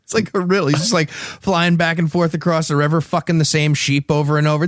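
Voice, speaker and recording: A man's voice: on the high side, fairly even intonation, brisk, few pauses, dry recording, clean studio sound. A man co-hosting a comedy podcast, riffing crudely and laughing through his jokes. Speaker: podcast co-host.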